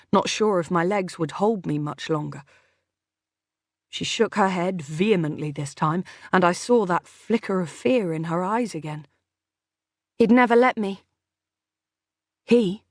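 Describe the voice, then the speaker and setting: Slow, dry-voiced woman audiobook narrator. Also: fairly low pitch, no room sound. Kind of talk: scripted first-person audiobook narration.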